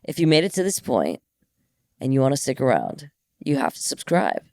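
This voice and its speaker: Young woman cohosting a podcast, low voice that swings all over, dry close sound, jokey and swears a lot. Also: normal speed, gravelly, no echo. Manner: animated, swearing, jokey and laughing. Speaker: podcast co-host. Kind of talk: casual chat.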